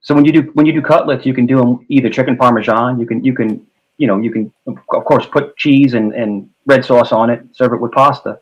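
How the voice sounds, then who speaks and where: New york guy rambling about stuff, keeps saying bro, repeats himself a lot, mid pitch. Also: steady tone, a little fast, lo-fi sound. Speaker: host. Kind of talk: casual chat.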